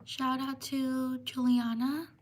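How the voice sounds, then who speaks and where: A woman hosting a casual livestream, giving slow, unhurried shout-outs and apologizing for mispronouncing names. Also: high-pitched, flat delivery, slight background noise. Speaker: livestream host.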